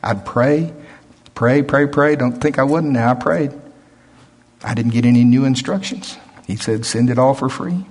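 A man's voice: mid-range voice, a little slow, breathy edge. An older man preaching a sermon, telling stories in a folksy way and acting out the voices of others.

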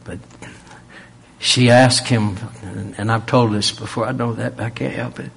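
A man preaching a sermon, pressing rhetorical questions and swinging from loud emphasis to a near-whisper. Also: mid-range voice, flat delivery, unhurried, gravelly, slight background noise.

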